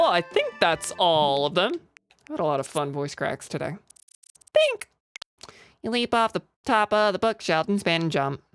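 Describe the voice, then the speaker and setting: A young woman streaming a game from home, chatting casually and reading messages from chat aloud in a rambling way. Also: low voice. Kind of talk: casual live-stream chat while gaming. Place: home room with a vocal booth beside her.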